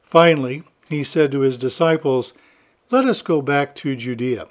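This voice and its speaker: A man, a priest, reading the gospel aloud and then preaching a homily in a relaxed, chatty way with light humor. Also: mid-range voice, normal speed.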